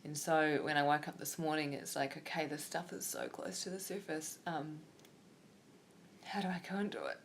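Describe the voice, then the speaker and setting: A woman's voice: sits low, moderate pace, a little hiss or hum. A woman, a yoga teacher talking openly and reflectively in a personal vlog, wandering with many fillers.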